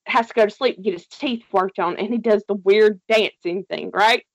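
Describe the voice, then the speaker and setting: A woman's voice: mid-range voice, moderate pace, no room sound. A woman casually recapping a TV series with a co-host, telling it animatedly, swearing freely and laughing often. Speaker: podcast co-host.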